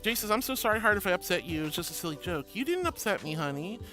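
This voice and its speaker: A woman's voice: fairly low pitch, lively intonation, quick pace, a bit bright, soft background music. A woman streaming casually, reading chat aloud in an affectionate, giggly way, calling viewers sweetie and honey and often repeating herself. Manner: rambling, repeats phrases. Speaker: VTuber streamer.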